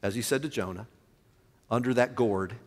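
In the reverberant space of a church sanctuary, a male pastor delivers an emphatic sermon, letting his voice climb and fall. His voice is mid-range and he keeps a moderate pace.

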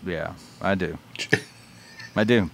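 A man's voice: low-pitched, slow, vocal fry. A man co-hosting a podcast, reading listener mail and chatting casually, laid-back and joking, with casual swearing. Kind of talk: casual chat.

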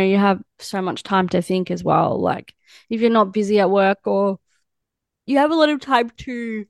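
Aussie lady host, gravelly fry in her voice, loose chatty questions. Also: mid-range voice, dry recording, studio quality. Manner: relaxed, filler-heavy questions. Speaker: podcast host. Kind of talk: casual interview chat.

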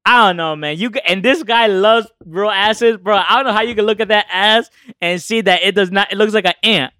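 Young guy, high voice that bounces all over, crude slangy banter, dry close mic. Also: fairly quick, pushed and bright, no echo. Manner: loose, profane slang-heavy banter, laughs often. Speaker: podcast co-host. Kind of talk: casual chat.

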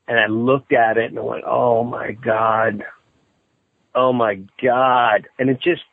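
A man hosting a podcast, chatting casually and telling a story animatedly, jumping up high when he acts out quotes. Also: dry recording. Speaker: podcast host. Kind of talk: casual interview chat. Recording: thin phone-like sound, dry.

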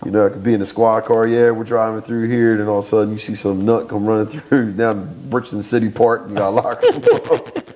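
A man's voice: lowish voice, sing-song, a little fast, darkish tone, slight background noise. A man guest on a podcast, bantering and laughing in casual chat.

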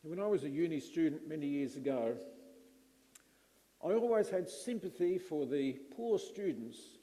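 A middle-aged man preaching a sermon, slow and emphatic with dramatic pauses. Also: fairly high pitch, expressive, mellow, big-room sound.

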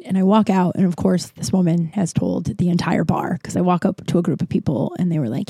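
A woman in her thirties, hosting a podcast, tells a rambling, profane story in a casual chat. Her mid-range voice is expressive and fairly quick, with many restarts, and the recording is dry.

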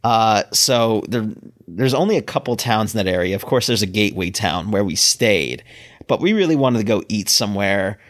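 A man from Maryland co-hosting a casual chat podcast, talking in a rambling way with halting restarts. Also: lowish voice, animated. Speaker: podcast co-host.

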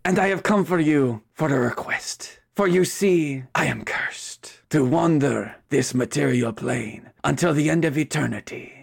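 A pompous ghost chicken, voiced by a man, speaks in a hammy put-on Spanish accent. He drawls slowly in a lowered, gravelly voice that swoops widely in pitch. It is a tabletop role-play voice. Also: exaggerated voice. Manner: formal, slow, grandly theatrical.

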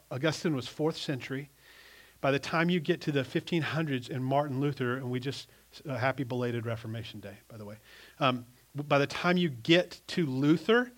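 A middle-aged male pastor preaching a sermon, emphatic and animated, often restarting his sentences. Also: fairly high pitch.

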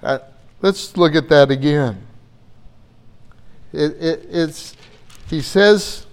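A man's voice: on the high side, slow, a little mellow. A man preaching a Bible-teaching sermon in an earnest way, often repeating words as he gathers his thoughts.

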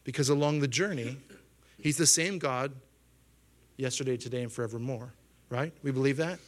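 Animated pastor in his thirties preaching. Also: normal speed. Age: 30s. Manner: animated, acts out quoted voices with rising pitch; asks the congregation questions. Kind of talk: sermon.

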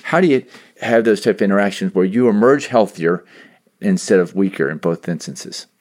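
A man's voice: low-pitched, normal speed, darkish tone. A man hosting a podcast, asking long, thoughtful, probing questions. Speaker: podcast host. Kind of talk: interview questions.

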